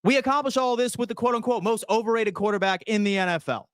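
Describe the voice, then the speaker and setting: A man hosting a sports fan channel, ranting loudly and profanely while answering chat. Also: high-pitched, fast, smooth, dry recording, clean studio sound. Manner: loud, profane, fired-up ranting. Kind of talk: fan rant reading chat.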